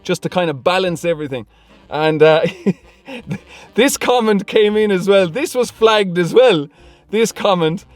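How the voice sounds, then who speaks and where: Reading viewer comments for his relaxed Q&A video, this Irish man who vlogs about cars has a high voice and talks in an expressive, unhurried way. He keeps chatting and laughing frequently between lines, with no room sound on the recording.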